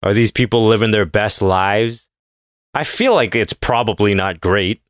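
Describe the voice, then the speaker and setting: A man's voice: on the low side, animated, a little slow, dry recording, studio quality. A man hosting his own podcast, rambling in a sarcastic, irreverent solo monologue. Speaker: podcast host.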